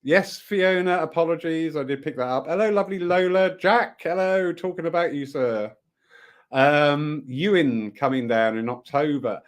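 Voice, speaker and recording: A man's voice: on the high side, moderate pace. A man giving a rambling, enthusiastic live update to viewers about upcoming events at his centre. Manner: warm, rambling, enthusiastic with frequent laughs. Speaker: spiritualist centre organiser.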